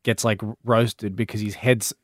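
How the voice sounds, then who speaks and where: A man's voice: on the low side, little pitch movement, a little slow, dry recording, studio quality. A young man hosting a casual podcast, rambling and self-deprecating with many restarts. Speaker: podcast host.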